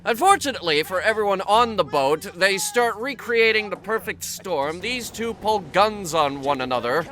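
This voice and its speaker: A man's voice: sits high, animated, unhurried, few pauses, bright, forceful tone. A man hosting a comedic movie review, ranting sarcastically and swearing freely.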